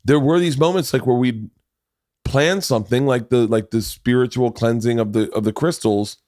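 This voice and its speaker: Fast-talking middle-aged male podcast host. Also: mid-range voice, no echo, studio quality. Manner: animated storyteller, fast and laughing. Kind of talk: casual storytelling chat.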